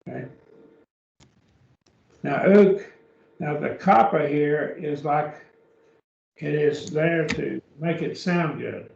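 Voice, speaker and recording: In a church classroom, a man teaches beginning Greek slowly and patiently, checking in with "okay?" as he explains things step by step. His voice is on the high side and darkish, with vocal fry and long pauses. The far-off mic picks up an echoey room and a dull, lo-fi sound.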